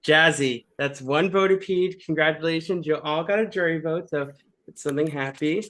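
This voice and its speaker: A male host with a slightly high voice reads the final votes one by one at an even, deliberate pace. Between the tallies he slips into relaxed, casual asides to the players. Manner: steady, measured vote tally with casual fillers. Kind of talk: casual online game finale.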